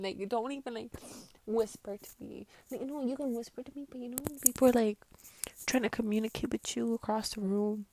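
A woman vlogging her reactions to posts in a casual, profane rant, swinging between loud outbursts and muttered asides, full of "like". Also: a little high, steady tone, brisk, dry recording. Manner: heavy swearing and filler "like".

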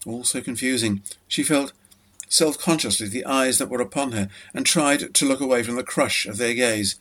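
A man's voice: medium pitch, normal speed, fairly bright tone, husky. Man reading a story aloud. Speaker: narrator. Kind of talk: scripted story narration.

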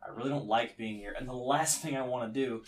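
A man casually telling a travel story on a chat show, acting out the quotes with sudden jumps in pitch. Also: fast, distant mic.

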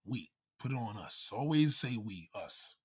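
Man, low husky voice, lively swinging pitch, mocking profane rant. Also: measured pace. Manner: heated, mocking, swears constantly. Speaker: vlogger. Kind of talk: profane comedic rant to camera.

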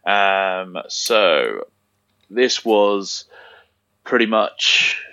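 Male podcast host, unhurried and hesitant, low voice, dry lo-fi mic. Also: vocal fry, dry recording. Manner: relaxed, hesitant, many ums, laughs easily. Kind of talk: casual podcast chat about race results.

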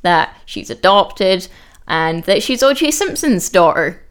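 A woman co-hosting a podcast, recapping a reality show in casual chat with a dry, joking manner and quick quoted lines. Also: fairly low pitch, big pitch swings, smooth. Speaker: podcast co-host.

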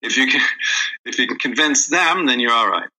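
A man's voice: mid-range voice, lively intonation, fairly quick, bright, forceful tone, poor audio. A middle-aged male actor chatting casually in an interview, rambling with many restarts. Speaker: actor guest.

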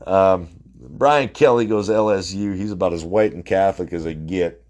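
A man's voice: sits low, moderate pace, darkish tone. A man in his forties hosting a casual sports podcast, talking bluntly in a rambling way with lots of fillers, restarts and the odd swear word. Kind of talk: casual sports opinion monologue.

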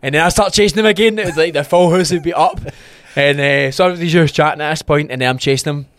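A Scottish man co-hosting a podcast, chatting casually and telling animated stories with acted-out quotes and frequent laughter. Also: on the high side, fast, no room sound. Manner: animated storyteller who acts out quotes and laughs often. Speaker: podcast co-host. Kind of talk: casual chat.

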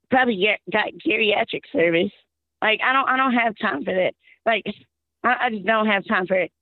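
Hoarse woman calling over a phone line. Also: medium pitch, dry recording. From Texas. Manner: rambling, exasperated, laughs often. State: hoarse, voice worn out. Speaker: caller.

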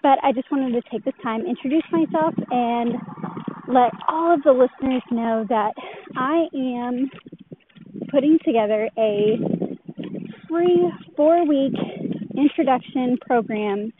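Woman, slightly high voice, breathless from walking, casual podcast message, phone-quality audio. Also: a little slow. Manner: friendly self-introduction, walking while talking. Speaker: fitness enthusiast and podcaster. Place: outdoors walking home from the gym. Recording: tinny phone-like audio with faint noise.

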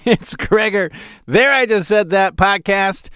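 A podcast host in his forties from Calgary, Canada, tells funny stories alone on his comedic show, animated and often laughing at his own tales. His voice is high, slow, and smooth.

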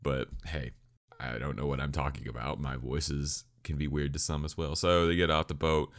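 A man's voice: very deep voice, level tone, normal speed. A man rambling casually through an anime review, joking and swearing as he goes.

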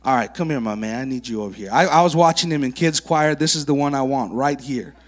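A man's voice: medium pitch, fast talker. A male preacher in a church sanctuary, telling miracle testimonies and calling up child volunteers at a kids camp. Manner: animated storyteller who works with child volunteers. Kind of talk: sermon with testimony stories.

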